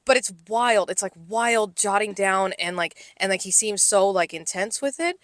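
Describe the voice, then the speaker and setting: A woman's voice: medium pitch, normal speed, a crowd in the background. A young woman co-hosting a podcast, telling a work story in casual chat full of fillers and acted-out quotes. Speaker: podcast co-host, restaurant server.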